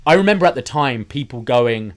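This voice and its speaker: A man co-hosting a casual wrestling podcast, measured as he recaps dates and venues. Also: medium pitch, lively intonation. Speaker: podcast co-host.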